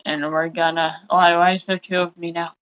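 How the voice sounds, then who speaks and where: A woman at the gaming table who bosses and teases the other players. Her voice has a middle pitch, and the sound is dry and a bit dull and muffled, with no room around it. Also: little pitch movement, brisk, fairly bright tone, smooth, no room sound. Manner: bossy, teasing. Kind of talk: tabletop game play.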